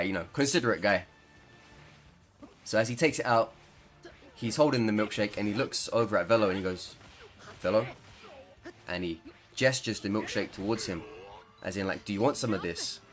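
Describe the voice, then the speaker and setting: A man's voice: on the low side, a bit bright. Man, gaming creator, casual chat, rambling, laughs mid-sentence. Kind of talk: casual storytelling over gameplay.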